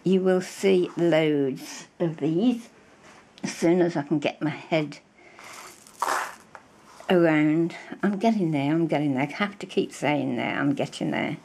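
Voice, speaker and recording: A woman's voice: sits low, a little slow, dark tone, slight background noise. An older woman with a British accent, chatting effusively and rambling as she shows off craft supplies in a casual vlog. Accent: British English. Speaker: crafting vlogger. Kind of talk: casual show-and-tell chat.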